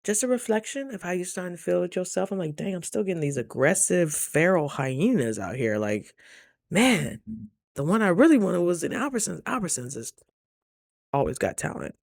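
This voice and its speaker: A woman vlogger from Idaho chatting casually to camera, telling stories with animated, loud quoted asides. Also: fairly low pitch, moderate pace, gravelly, dry recording, studio quality.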